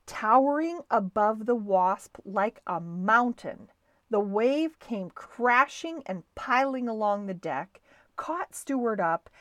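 A woman hosting a bedtime story show, reading a children's book aloud in a lively, expressive way. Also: medium pitch, no echo. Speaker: storyteller, podcast host.

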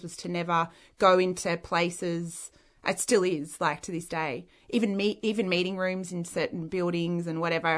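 A woman's voice: on the low side, a bit bright. A woman with an Australian accent, an interview guest telling a personal story in a frank, rambling way with many "like" fillers.

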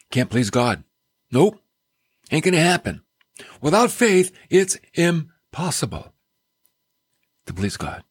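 Animated, husky-voiced radio preacher man. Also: fairly high pitch, no room sound. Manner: folksy, animated, joking asides. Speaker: radio Bible teacher and host. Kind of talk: radio sermon. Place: radio studio.

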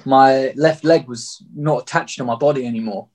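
A man's voice: mid-range voice, moderate pace, a little mellow. Young man telling a story casually. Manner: loose and blunt, swears, leans on "like".

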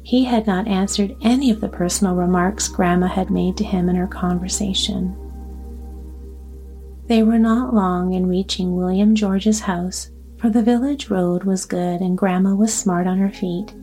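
A woman narrating a bedtime story in a soft, slow, calm way. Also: medium pitch. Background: soft background music.

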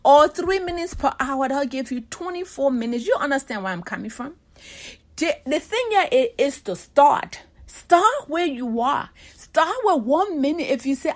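A woman preaching a sermon, earnest and exhorting, stretching out key words for emphasis. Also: sits high.

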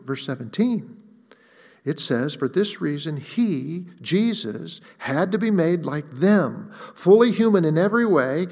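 A man preaching a sermon, deliberate and emphatic, slowing down to stress key words. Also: high voice, darkish tone. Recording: long reverb of a large hall.

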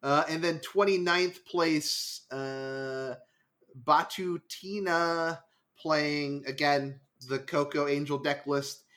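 Guy hosting a card game podcast, kinda high voice, lively and laughing a lot. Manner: animated, laughs often, quick self-corrections. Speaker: podcast host. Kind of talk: casual chat about card game results.

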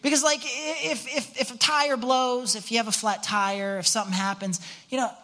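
A man's voice: very high voice, steady tone, normal speed, pushed and bright. A man pastor delivering a conversational sermon in church, earnest, asking the congregation rhetorical questions and often restarting his words. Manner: frequent restarts and repeated words. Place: church on a Sunday morning.

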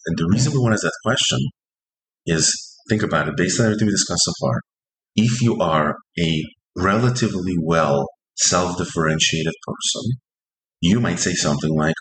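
A man's voice: sits low, normal speed, a bit bright, reverberant, low-quality recording. A man hosting a podcast who explains couple dialogues in an earnest, instructive way and acts out example lines. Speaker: couples therapist and podcast host. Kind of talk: podcast monologue teaching.

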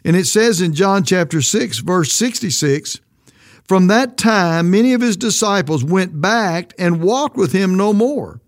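A man's voice: high voice, animated, a little slow, dry recording, clean studio sound. A man preaching a sermon as pastor, earnest and emphatic, his voice leaping up on quoted questions.

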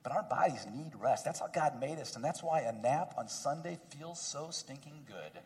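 A man preaching a sermon as pastor, talking to the congregation in a conversational way and dropping to hushed emphasis for key points. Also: fairly high pitch, animated, normal speed.

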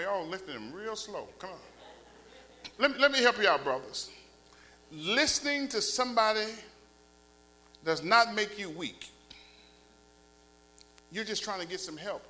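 A middle-aged man, a pastor, preaching a sermon in a church with lively, colloquial delivery that climbs to near-shouts. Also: sits high, low-quality recording. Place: church sanctuary. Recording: faint mains hum.

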